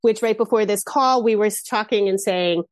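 A woman hosting a casual podcast interview, energetic and frank, swearing casually. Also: mid-range voice, moderate pace, no room sound, studio quality. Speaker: podcast host.

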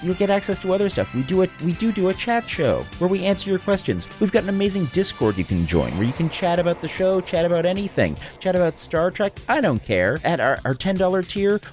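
A man's voice: fairly high pitch, darkish tone. A man doing an overeager, comic ad read as the show's producer. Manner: overeager salesman patter. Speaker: producer, show host.

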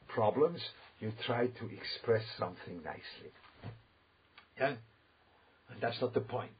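A man's voice: lowish voice, breathy edge, lo-fi sound. A man giving an informal religious talk, rambling and emphatic with many asides. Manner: rambling, emphatic, full of asides and quoted voices.

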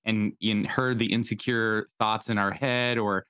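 A man's voice: fairly low pitch, fairly even intonation, a little slow, bright, forceful tone, clean tone, no room sound. A man co-hosting a podcast who chats enthusiastically and relates personal anecdotes. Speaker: podcast co-host. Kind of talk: casual conversational interview.

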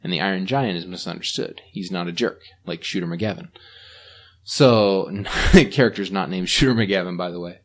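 Man, deep low voice, podcast co-host, casual movie chat, heartfelt retelling. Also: moderate pace, a bit bright. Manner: enthusiastic, retells scenes with feeling.

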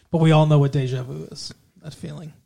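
A man's voice: on the high side, steady tone, moderate pace, creaky, dark tone. A man co-hosting a podcast in casual, teasing chat with his fiancée, chuckling often. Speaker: podcast co-host.

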